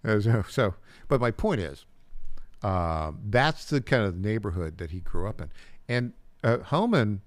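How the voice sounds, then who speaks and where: An older man hosts a talk radio show, telling stories in a loose, meandering way with repeated words and small chuckles. His voice sits a little low. The studio sound is dry and close, with no room around it. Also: big pitch swings, a little slow, no room sound. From upstate New York. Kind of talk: casual talk radio monologue. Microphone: studio mic.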